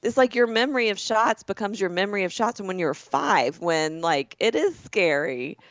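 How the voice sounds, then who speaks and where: A woman in her forties with a Southern American accent, co-hosting a comedy podcast and telling lively stories with lots of laughter. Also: medium pitch, normal speed, no echo. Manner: animated, laughs often, acts out the people in her stories. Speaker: podcast co-host. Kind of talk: comedic storytelling. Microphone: podcast microphone. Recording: slightly dull, lo-fi, dry.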